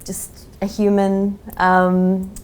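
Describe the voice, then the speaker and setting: A woman's voice: medium pitch, completely flat delivery, drawn-out words, darkish tone, clean tone. An Australian woman in her thirties, a magazine editor talking frankly as a podcast guest, full of "like" and "um". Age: 30s. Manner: chatty, frank, many "like" and "um" fillers. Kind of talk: casual interview chat.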